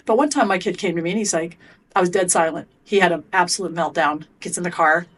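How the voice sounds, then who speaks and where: A woman's voice: on the low side, quick pace, fairly bright tone. A middle-aged woman, a performance coach being interviewed on a podcast, telling stories in an emphatic, earnest way. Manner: emphatic, storytelling.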